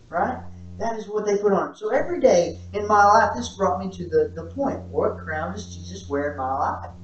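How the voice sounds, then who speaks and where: A man's voice: high voice, normal speed. A male pastor preaching a conversational sermon to a small church audience, often checking in with "right?" and asking rhetorical questions. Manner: casual, repeats "right?", asks rhetorical questions. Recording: roomy, distant, dull-sounding church recording.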